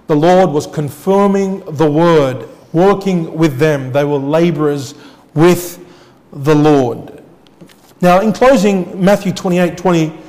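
A male pastor preaching a sermon with emphatic swings between loud declarations and quiet asides, often putting rhetorical questions to the congregation. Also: long reverb tail. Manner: emphatic, rising to loud declarations then dropping low.

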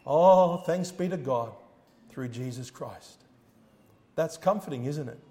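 A man with a notably high voice delivers a fervent sermon. He drops to near-hushed tones and then swells to loud cries. He reads scripture in old-fashioned wording. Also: takes it slowly. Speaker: preacher.

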